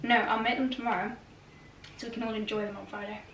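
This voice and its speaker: A chatty woman talking straight to her camera mic in an easygoing vlog. Her voice sits a touch high, and a faint hiss of background noise runs under it. She stays bubbly and light, with a laugh often slipping into her words. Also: flat delivery, fast, a bit bright. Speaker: lifestyle vlogger. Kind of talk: casual vlog talk to camera.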